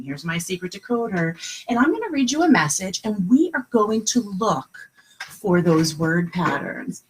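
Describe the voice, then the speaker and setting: A woman kindergarten teacher giving a live lesson from home, talking in a sing-song, encouraging way and slowing down to sound out words. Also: mid-range voice, slight background noise, low-quality recording. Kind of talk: live online lesson for young children.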